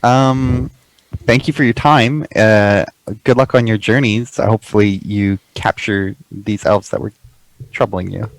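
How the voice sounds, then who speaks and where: Man, tabletop player, courteous and halting, mid pitch, dry close mic. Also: fairly even intonation, no room sound, poor audio. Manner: polite, hesitant, with fillers. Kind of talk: tabletop role-play chat.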